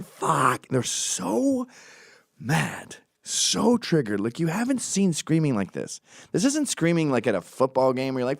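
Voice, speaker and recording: A man's voice: a little high, wildly swooping pitch, unhurried, vocal fry, no room sound, clean studio sound. A man hosting a podcast, telling a story in a mocking, profane way and acting out the quotes. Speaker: podcast host. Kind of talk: casual storytelling monologue.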